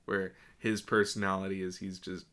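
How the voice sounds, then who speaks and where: A man's voice: sits low, little pitch movement, moderate pace, pushed and bright. A young man co-hosting a podcast, chatting casually and laughing often as he retells film scenes. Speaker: podcast co-host.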